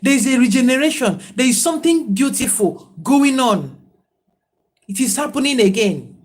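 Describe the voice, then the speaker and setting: A woman's voice: sits high, animated, moderate pace. A woman, talking casually and reflectively to viewers on a livestream, in a preachy tone. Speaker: livestream host.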